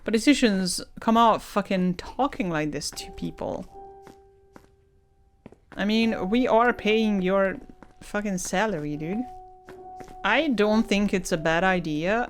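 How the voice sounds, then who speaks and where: A woman's voice: mid-range voice, animated, slow, faint music behind. A woman, not a native English speaker, casually commenting on a game, swearing a lot and ranting, breaking into laughs. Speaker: gaming streamer.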